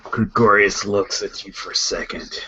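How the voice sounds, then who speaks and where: A man narrating as game master, with relaxed, loose storytelling. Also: lowish voice, moderate pace, highs cut off, a crowd in the background.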